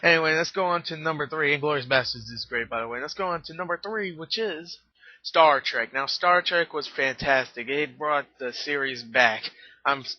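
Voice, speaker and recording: A man's voice: on the high side, normal speed. A young man casually ranking his favorite movies, rambling with lots of fillers and the odd swear word. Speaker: movie reviewer. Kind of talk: casual top-movies countdown vlog. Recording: dull lo-fi sound, dry.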